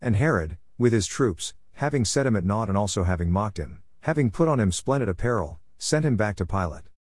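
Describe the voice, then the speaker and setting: A man reading scripture aloud in a plain, measured way, in short phrases. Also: fairly low pitch, animated, a little mellow, no echo. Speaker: scripture reader.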